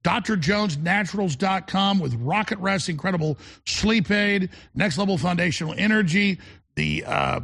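Urgent talk show host, man, very gravelly, husky, high voice. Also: normal speed, a bit bright. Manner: urgent, emphatic pitching. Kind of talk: talk radio broadcast.

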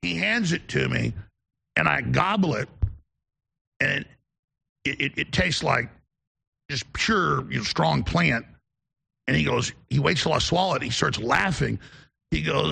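Gravelly, husky-voiced male host. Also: fairly high pitch, animated, measured pace, pauses often, sharp tone. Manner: rambling, digressive anecdotes. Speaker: show host. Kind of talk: casual on-air storytelling.

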